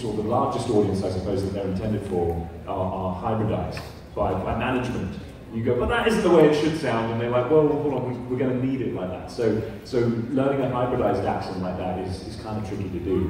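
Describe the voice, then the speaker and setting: Man, voice actor panelist, low mellow voice, practical explanations, echoey hall, distant mic, faint ambience. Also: slight background noise. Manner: explains craft with practical tips. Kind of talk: convention panel talk. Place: large convention hall.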